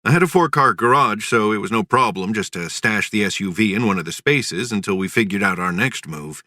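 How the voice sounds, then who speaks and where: A man's voice: lowish voice, sharp tone, no echo. A man narrating a first-person audiobook in a matter-of-fact, dry manner.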